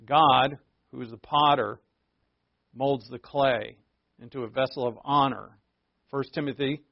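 A man preaching a conversational sermon, earnest, asking rhetorical questions and shifting from emphatic to hushed. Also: mid-range voice, dry recording, muffled recording. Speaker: pastor.

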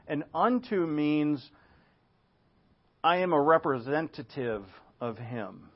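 A man's voice: fairly high pitch, lively intonation, slow pace. A male pastor preaching an expository sermon, full of asides and rhetorical questions. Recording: dull lo-fi sound.

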